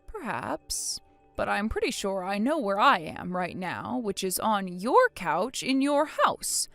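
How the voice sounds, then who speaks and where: A woman voicing a calm, shrewd grandmother who soothes a child and needles her son-in-law. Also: medium pitch, takes it slowly, creaky, no echo, faint music behind, heavily acted. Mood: icy.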